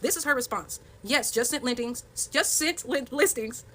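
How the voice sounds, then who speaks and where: A woman's voice: sits high, normal speed, bright, forceful tone, slight background noise. A woman telling her side of a dispute in a storytime vlog, reading out screenshots and stressing her points in an emphatic, defensive way. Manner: emphatic and defensive, walking through evidence point by point.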